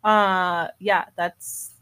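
A woman chatting casually and reading posts aloud, agreeable and quick to giggle. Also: lowish voice, steady tone, pushed and bright, clean tone.

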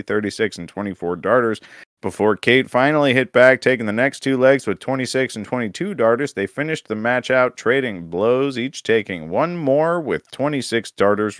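A man's voice: lowish voice, no echo. Dry-voiced joking man co-hosting. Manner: joking, teasing, crude humor. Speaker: podcast co-host. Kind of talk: casual chat and recapping darts results.

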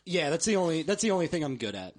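A man's voice: fairly high pitch, big pitch swings, fast. A man in a casual podcast chat, bantering and sharing movie trivia.

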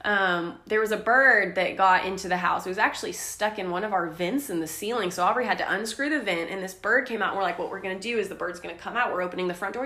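A young woman chatting on a faith podcast with a bright, forceful voice. She tells her stories candidly and with animation. The room around her is echoey. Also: mid-range voice. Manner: candid, animated storytelling with laughs. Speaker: podcast co-host. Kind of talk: casual faith podcast chat.

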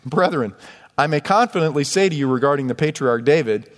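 A man's voice: fairly high pitch, expressive, a little fast. A man preaching a sermon as pastor, emphatic, reading scripture aloud between his own points. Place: church sanctuary. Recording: long church hall reverb.

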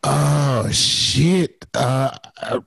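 A man in a casual chat, reacting slowly with laughter and short exclamations. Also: medium pitch, vocal fry, fairly bright tone, slight background noise.

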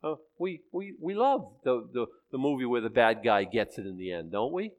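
A man preaching a sermon in a fast, conversational, emphatic way. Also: medium pitch, sing-song, muffled recording. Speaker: pastor.

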